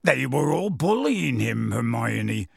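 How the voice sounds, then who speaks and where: A man voicing a gruff, tearful giant of a man. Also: mid-range voice, sing-song, takes it slowly, no echo, studio quality, full character voice. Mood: earnest, pleading. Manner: rough homely grammar, pleading. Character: big gruff bearded half-giant man, earnest, near tears.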